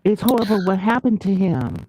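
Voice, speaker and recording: A woman calling in as a livestream guest, speaking earnestly in a halting way and often repeating words. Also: medium pitch, dark tone, husky, low-quality recording. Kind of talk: casual conversation.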